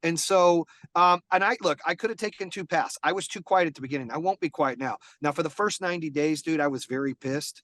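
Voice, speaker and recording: A man's voice: fairly high pitch, brisk, few pauses, fairly bright tone, slight background noise, poor audio. A man in a casual podcast interview as a guest. He talks bluntly and emphatically, swears, and often restarts his sentences. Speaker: podcast guest, business founder.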